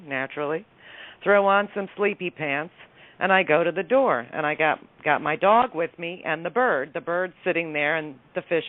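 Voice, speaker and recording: A woman calling in to a radio show, telling a story with energy and acting out each side of the dialogue. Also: fairly low pitch. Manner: animated, acts out the dialogue of her story. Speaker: caller. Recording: tinny phone line.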